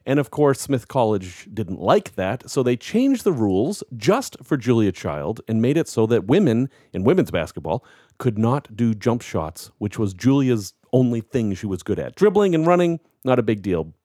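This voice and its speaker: A man co-hosting a podcast, telling facts as lively stories in casual chat. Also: mid-range voice, normal speed, no echo, clean studio sound. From United States. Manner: lively storytelling, explaining facts with jokes. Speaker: podcast co-host.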